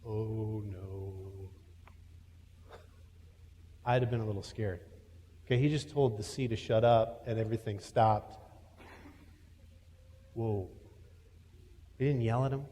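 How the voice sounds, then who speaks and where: Man pastor for a sermon, storytelling delivery that swings loud to quiet, mid pitch, church hall reverb. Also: normal speed, pauses often, slight background noise. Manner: storytelling, shifting from loud to hushed.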